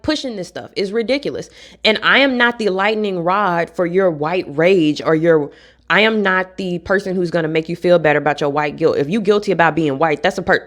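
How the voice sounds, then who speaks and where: Blunt, profane woman ranting to camera. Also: deep voice. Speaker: vlogger.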